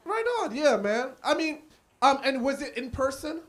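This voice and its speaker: High-voiced man doing animated stand-up. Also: moderate pace. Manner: animated, acts out characters in his stories. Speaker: stand-up comedian. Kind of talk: live stand-up comedy set. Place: small cafe comedy stage.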